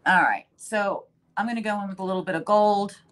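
A woman's voice: medium pitch, brisk, fairly bright tone. A woman hosting a live furniture-painting stream, chatting casually and thinking aloud as she works. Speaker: host. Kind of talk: casual demo narration.

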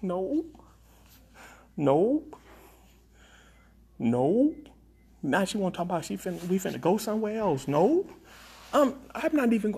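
Man doing a comic live-stream rant, husky and gravelly, pitch leaping all over. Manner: exaggerated, dramatic complaining with big pitch swings; repeats a flat "nope". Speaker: comedic vlogger.

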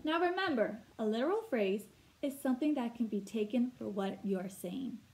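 A woman teacher explaining vocabulary words slowly and clearly, asking her listeners questions as she goes. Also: fairly high pitch, animated, a little mellow, poor audio. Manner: slow, clear teacher talk with rhetorical questions. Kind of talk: read-aloud vocabulary lesson.

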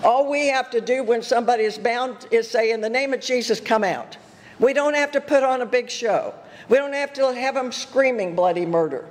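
A woman's voice: on the high side, normal speed. An older woman giving a sermon as a guest speaker, telling stories earnestly and emphatically with chuckling asides. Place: church. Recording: reverberant church hall.

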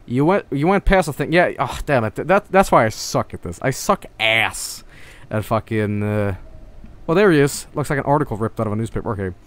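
A man's voice: mid-range voice, animated, a little fast, fairly bright tone. Rambling young man streaming a game. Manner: mumbling, rambling, frequent swearing. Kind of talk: casual let's-play commentary.

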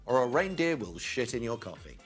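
A man's voice: medium pitch, big pitch swings, a little fast, over music. A man hosting a satirical news show, giggling and fumbling through outtakes.

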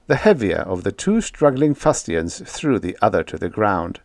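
A man narrating a science fiction audiobook in an expressive, lively reading. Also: fairly low pitch, moderate pace, creaky, few pauses, no echo, clean studio sound.

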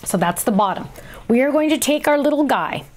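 A middle-aged woman hosting a craft tutorial, chatty and excitable, talking to herself as she works. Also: sits high, fairly quick. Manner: chatty and excitable, talks to herself while working. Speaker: crafting show host.

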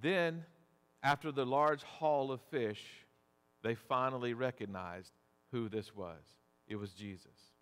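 Measured male pastor preaching in a reverberant church. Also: mid-range voice, a bit bright, smooth. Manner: measured, deliberate preaching with rhetorical questions. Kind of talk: sermon. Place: church sanctuary.

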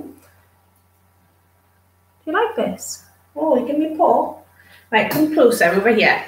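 Woman live streaming, chatty, coos at her dog, kinda high voice, roomy sound. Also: animated, takes it slowly, long pauses, a little hiss or hum. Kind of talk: casual live chat with viewers. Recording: roomy, distant from the mic.

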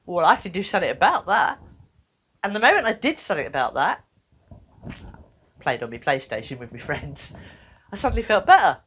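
A woman presenting an educational video for children, talking in a playful, animated way. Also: on the low side, fairly quick, long pauses, breathy edge. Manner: animated, playful, acts out little voices.

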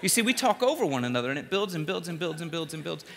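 A man from the Philadelphia area delivers a sermon in a large hall, his voice bright with a gravelly edge and ringing off the walls. He tells stories in an animated way, slipping in quick jokes and repeating words for effect. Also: on the high side, slight background noise. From Philadelphia area, USA. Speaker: preacher. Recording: reverberant hall.

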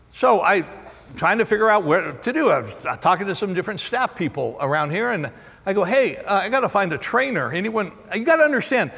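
A pastor in his sixties tells a story from the pulpit with candid, self-deprecating humor, often stopping and starting again mid-phrase. His voice sits high for a man. The sound rings with the long reverb of a large church auditorium. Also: sing-song, a little fast, gravelly, a bit bright. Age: 60s. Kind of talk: storytelling sermon.

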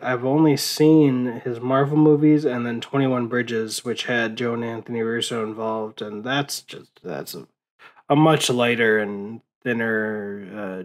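An exhausted man speaks in an unhurried, meandering way, his speech full of ums and uhs. He swears easily and sounds heavy with grief, like a fan thinking out loud after a loss. His pitch sits in an ordinary middle range. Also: rough recording. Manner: profane, grieving, rambling with many fillers. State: tired, late at night. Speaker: movie vlogger. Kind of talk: casual rambling monologue.

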